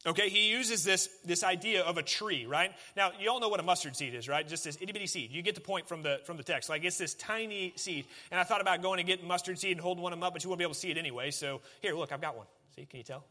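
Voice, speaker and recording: Lively, bright-voiced preacher man. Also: sits high, fast talker, hardly any pauses. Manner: conversational and animated, talking directly to the congregation. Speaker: pastor. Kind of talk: sermon.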